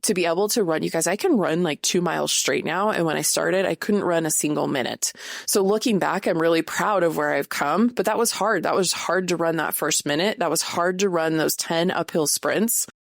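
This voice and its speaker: A woman's voice: on the low side, normal speed, vocal fry, dry recording, clean studio sound. A woman in her late thirties hosting a podcast, talking candidly and casually with lots of fillers. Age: 30s. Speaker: podcast host. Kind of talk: casual solo podcast talk.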